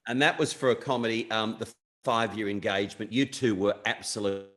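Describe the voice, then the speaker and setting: Effusive low-voiced interview host. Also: male voice, brisk, a bit bright. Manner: effusive, gushing compliments. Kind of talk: celebrity interview.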